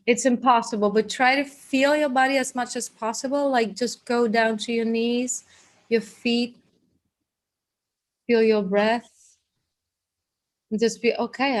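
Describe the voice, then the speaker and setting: A fairly high-voiced woman leads a live group class as its teacher. She talks in a chatty, guiding way, often restarting her sentences as she goes. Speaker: workshop teacher.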